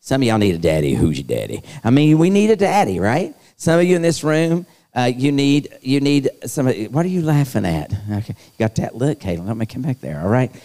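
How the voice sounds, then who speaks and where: This middle-aged youth speaker sounds warm and very animated, with a medium pitch, a fairly quick pace and few pauses. He preaches playfully to a live youth conference in a large hall, teasing and speaking directly to the audience, with long reverb around him.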